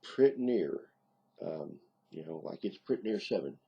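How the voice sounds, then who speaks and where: A man's voice: low voice, expressive, normal speed, vocal fry, mellow, husky, muffled recording. A middle-aged man with a Southern US accent, rambling in a casual video diary with lots of ums. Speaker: video diarist. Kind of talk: casual vlog monologue.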